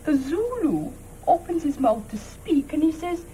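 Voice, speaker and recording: A lively young woman spills out the story of her day in a 1970s TV period drama. Her high voice swoops up and down as she tells it. A faint hiss runs under the old recording. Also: measured pace, low-quality recording. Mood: excited. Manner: lively storytelling, breaks into laughter. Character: chatty young Irish woman back from a day out.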